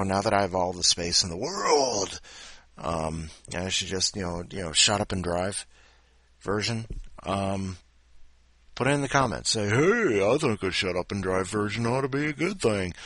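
A man's voice: deep voice, sharp tone, husky, dry recording. A man hosting a podcast in a scattered, self-mocking monologue full of jokey asides. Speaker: podcast host. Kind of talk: casual rambling monologue.

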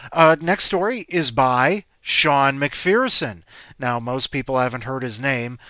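A man's voice: mid-range voice, bright, forceful tone, no echo. A man hosting a story show, rambling and joking between readings. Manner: self-mocking, jokey asides. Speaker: podcast host introducing stories. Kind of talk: rambling casual chat.

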